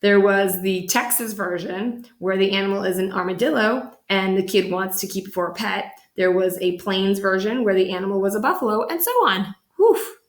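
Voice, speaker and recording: Animated woman reading a storybook. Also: normal speed, roomy sound. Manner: animated, voices the characters with big pitch jumps. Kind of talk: reading a picture book aloud.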